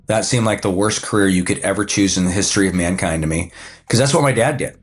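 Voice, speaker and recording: A man in his fifties, a financial advisor and coach, talks about his work as a podcast guest in a relaxed, anecdotal way, with frequent fillers and restarts. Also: low-pitched, fast talker. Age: 50s. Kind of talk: casual conversational storytelling.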